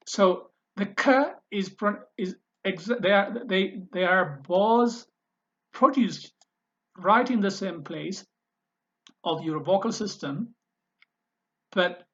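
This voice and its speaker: Man teaching a language lesson, super slow, repeats words again and again, bit muffled recording. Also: high voice, fairly bright tone, breathy edge. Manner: slow, repeats each word several times, thinks aloud with fillers. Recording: slightly dull, lo-fi sound.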